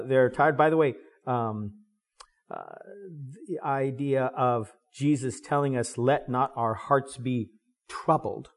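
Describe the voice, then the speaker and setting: A man preaching a Bible sermon in a conversational, animated way, with many fillers. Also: medium pitch. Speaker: pastor.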